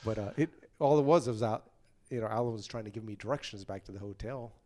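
A man's voice: on the low side, fast talker. A man, a former touring band member, telling casual stories and acting out the people he quotes. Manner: animated anecdotes, acting out quoted voices. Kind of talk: casual storytelling.

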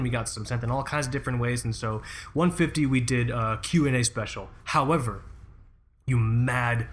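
A man's voice: mid-range voice, a bit bright. A man co-hosting a podcast in casual banter, rambling and joking at his own expense. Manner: rambling, jokey, self-deprecating. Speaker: podcast co-host.

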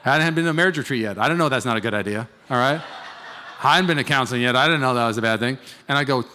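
Lively pastor in an echoing hall. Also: male voice, mid-range voice, rapid-fire, slight background noise. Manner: animated storytelling, acting out both sides of a quarrel. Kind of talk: sermon. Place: large church hall. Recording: long hall reverb.

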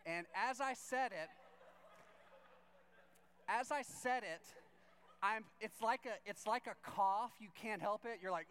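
A man tells a long, animated story from the pulpit, slipping into each person's voice as he quotes them. His voice sits high for a man and comes across smooth and clean. He talks loosely, with "like" in nearly every line. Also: moderate pace. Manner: animated, acts out both sides of conversations; chatty, leans on "like" as filler. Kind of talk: storytelling sermon.

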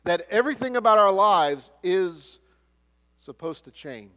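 A man preaching a sermon, swinging between loud proclaiming and hushed, low-spoken lines. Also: expressive, measured pace. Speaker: pastor. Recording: long hall reverb.

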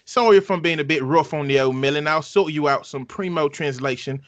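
A man's voice: on the high side, a little fast, a bit bright, lightly acted. A man putting on a British accent, voicing a cheeky British man reading out his own slangy letter. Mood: playful. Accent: put-on British.

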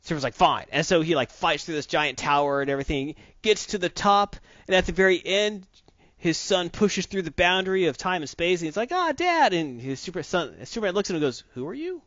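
A man co-hosting a casual comic book chat, opinionated and rambling, who slips into quick voices for the characters he describes. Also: fairly high pitch, a bit bright, dry recording. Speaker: podcast co-host. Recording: dull lo-fi dry sound.

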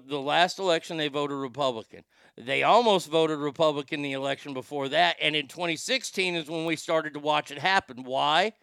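A man's voice: on the high side, sharp tone, smooth, dry recording, studio quality. A man hosting a show, giving a brash, profane, rambling opinion monologue.

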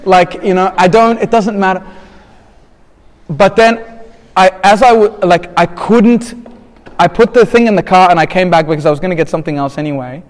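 A man with a fairly high voice tells a personal story, candid and rambling, often restarting and brushing off details. His voice rings through a large hall with a long reverb tail. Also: moderate pace. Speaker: speaker telling a personal story.

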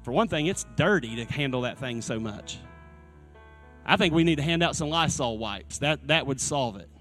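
A male pastor preaching a sermon in a church, earnest and repeating his key phrases, with soft instrumental music behind him. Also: medium pitch, animated, normal speed. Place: church sanctuary.

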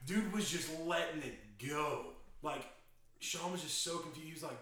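Young male co-host, lively storyteller, slightly high voice, roomy and off-mic. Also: recorded from a distance. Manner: animated storyteller, fast and laughing. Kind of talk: casual chat. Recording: echoey room, away from mic.

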